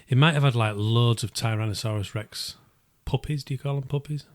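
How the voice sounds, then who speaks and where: A man's voice: medium pitch, a little fast. A man co-hosting a podcast, laid-back, chiming in with agreement and wry asides. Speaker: podcast co-host. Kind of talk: casual chat.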